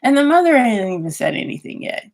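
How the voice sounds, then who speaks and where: A woman's voice: fairly high pitch, very animated, quick pace, gravelly, slight background noise. A woman vlogger chatting casually at her computer, rambling and restarting her sentences as she thinks aloud. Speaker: YouTuber. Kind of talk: casual vlog chat.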